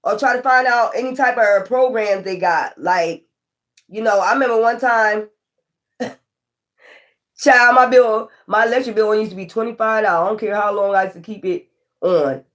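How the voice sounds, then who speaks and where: A woman tarot reader ranting casually to her viewers, profane, animated and exasperated. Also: medium pitch, moderate pace.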